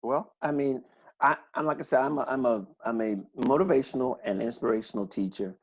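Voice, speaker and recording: A man joins a video call as a guest, a motivational teacher. He speaks at an ordinary, mid-range pitch and sounds calm and earnest, choosing his words reflectively. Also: a little fast. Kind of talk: casual video-call conversation.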